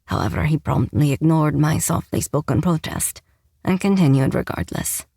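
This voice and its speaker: A woman's voice: sits low, animated, moderate pace, creaky, dark tone, no echo. A woman narrating a first-person romance audiobook with a wry, sarcastic tone, on a close mic.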